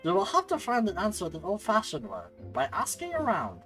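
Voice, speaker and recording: Name: Miounne. A man doing a croaky gremlin woman. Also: high-pitched, huge pitch swings, fairly quick, fairly bright tone, faint music behind, pitched above the performer's own voice, heavily acted. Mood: gleeful. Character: prim woman guild leader with a gremlin voice. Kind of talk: reading game dialogue aloud.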